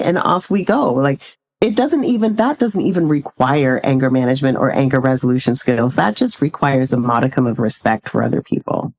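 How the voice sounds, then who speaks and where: Woman, podcast guest, low voice, measured and reflective, quick to laugh. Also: lively intonation, a little mellow. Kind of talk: casual chat.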